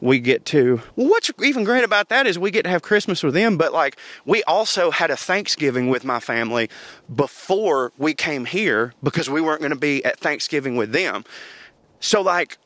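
A man's voice: a little high, very animated, normal speed, fairly bright tone, no echo. A man, hosting a podcast and telling family stories in a chatty way, laughing often. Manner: chatty, laughs often, Southern turns of phrase like y'all. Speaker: podcast host. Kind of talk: casual storytelling monologue.

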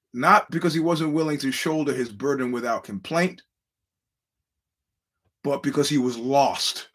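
A man hosting a podcast, telling a story in a rambling, casual monologue and acting out the quoted voices. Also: fairly high pitch. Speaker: podcast host.

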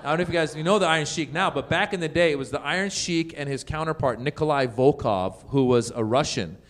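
A man's voice: a little high, fast talker, a little hiss or hum. A middle-aged man from the United States, a comedian guesting on an interview show, telling stories animatedly, laughing often and acting out voices.

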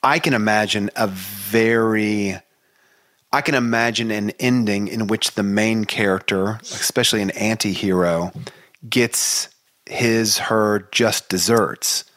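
A man's voice: lowish voice, fairly even intonation, slow pace, fairly bright tone, no room sound. A man co-hosting a casual book discussion, chatty and enthusiastic. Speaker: podcast co-host.

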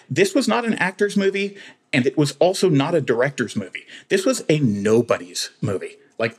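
A man's voice: medium pitch, husky. A man on a film podcast panel, critiquing a movie in an emphatic, exasperated way. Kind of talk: casual panel discussion.

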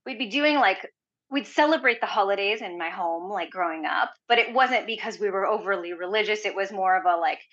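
Woman guest, casual storyteller, animated and chatty, crisp bright tone, muffled lo-fi recording. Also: mid-range voice, brisk. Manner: chatty, heavy use of "like", animated retelling. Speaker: podcast guest. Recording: dull lo-fi audio.

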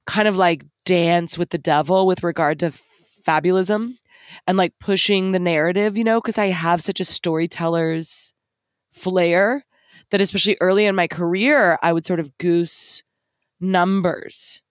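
A woman's voice: fairly low pitch, a little slow, no room sound, studio quality. A woman co-hosting a podcast, chatty and self-deprecating, often breaking into giggles. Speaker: podcast co-host, writer. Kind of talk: casual podcast chat.

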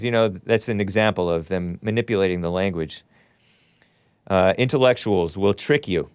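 A man's voice: fairly low pitch, normal speed, smooth, no echo, clean studio sound. Sarcastic man hosting a live stream. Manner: sarcastic, mocking, reads chat aloud. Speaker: host. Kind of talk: opinionated live-stream commentary.

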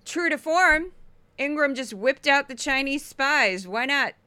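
A woman podcast host talks through clips in a casual, animated way, laughing and now and then yelling. Her voice is quite bright and a little high, and it sounds dry and close. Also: measured pace, no room sound. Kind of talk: casual commentary.

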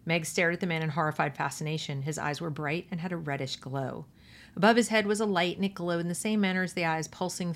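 A woman host reading a novel aloud and then commenting with pointed rhetorical questions. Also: sits low. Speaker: podcast host.

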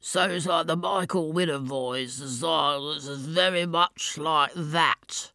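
A woman's voice: sits low, gravelly, bright, forceful tone, full character voice. A pompous, portly old gent, as a woman puts him on, all wet mouth and lisping sibilance. He wheezes audibly between thick, throaty pronouncements, as if about to run out of breath. The room is dry and close, with no echo. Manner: pontificating, slow and thick-throated. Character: portly pompous older man, wheezy and self-satisfied. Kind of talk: demonstrating a character voice.

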